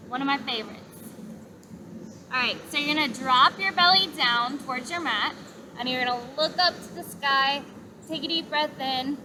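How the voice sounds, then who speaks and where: A young woman with a bright, high voice leads a gentle yoga class outdoors, calmly cueing each breath and stretch with steady encouragement. Traffic and open-air noise sit clearly behind her. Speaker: yoga instructor. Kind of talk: guided yoga class instruction. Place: outdoors in a park.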